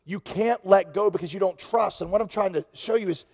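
A male pastor preaching with a fairly high voice and a gravelly edge, running through an anecdote in a relaxed, conversational way before swelling into passion. His sermon rings out with the long reverb of a large hall. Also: brisk. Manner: storytelling, conversational, impassioned builds.

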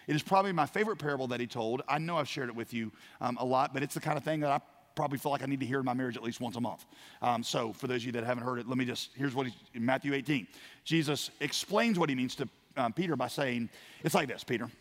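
A man preaching a sermon as a pastor, telling a parable with acted-out voices and swings from quiet to loud. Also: medium pitch, fast. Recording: long hall reverb.

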